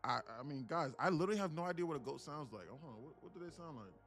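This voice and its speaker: A man's voice: a little high, lively intonation, very fast, fairly bright tone, soft background music. A man hosting a casual livestream, greeting viewers by name, laughing easily and swearing freely. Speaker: livestream host, day trader.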